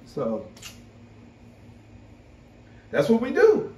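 A man chatting casually to camera as a vlogger, animated and laughing often. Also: extremely high pitch, extremely slow. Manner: animated, laughing, full of "you know". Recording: roomy, from a distance.

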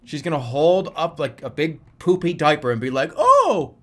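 A man in his thirties streaming games, joking and shifting from mumbles to excited shouts. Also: a little high, normal speed. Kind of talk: casual gaming stream commentary.

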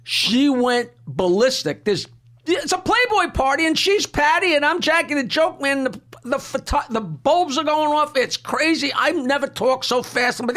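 A man with a Long Island accent telling a rowdy anecdote, laughing through his punchlines and talking fast in bursts. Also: very high-pitched, expressive, sharp tone. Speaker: comedian guest telling a story. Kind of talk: casual storytelling.

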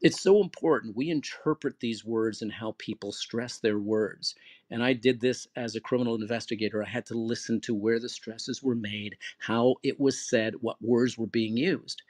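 A man's voice: medium pitch, normal speed, a little mellow, dry recording. A man hosting an online audio room, explaining in an earnest, teacherly way and acting out example phrases with shifting word stress. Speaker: host and moderator. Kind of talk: conversational advice talk.

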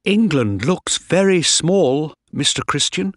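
A man voicing an excited, polite fourteen-year-old boy officer on a ship. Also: medium pitch, extremely slow, breathy edge, no room sound, studio quality, voice pushed up, exaggerated voice. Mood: eager. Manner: eager, polite.

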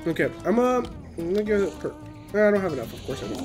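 A young man giving gameplay commentary, excitable, swearing and yelling at the game, on a headset. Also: high-pitched, a little fast. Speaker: gamer. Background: game music.

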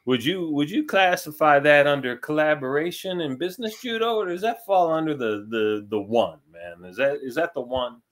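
A man co-hosting a casual interview, reacting warmly and asking follow-up questions. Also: a little high, normal speed, few pauses. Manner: friendly, asks follow-up questions.

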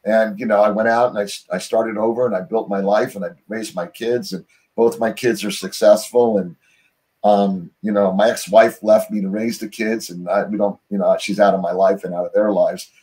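A man's voice: fairly low pitch, fairly even intonation, normal speed, warm tone. A middle-aged American man, an interview guest, telling stories in a rambling way full of "you know" and restarts over a remote call. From United States. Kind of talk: casual interview storytelling.

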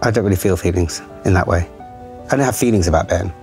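A man's voice: deep voice, fast, gravelly, darkish tone, faint music behind. A middle-aged man talking frankly and self-deprecatingly about himself in a therapy-style conversation. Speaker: TV channel executive in a therapy session. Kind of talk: candid conversation.

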